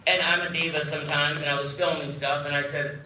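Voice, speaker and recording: A man's voice: fairly high pitch, level tone, a little fast, pushed and bright, slight background noise. Man in his fifties telling stories from a stage. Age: 50s. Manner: chatty, self-mocking, acts out dialogue. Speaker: keynote speaker. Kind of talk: storytelling speech to a live audience. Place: event hall. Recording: echoey hall from a distance.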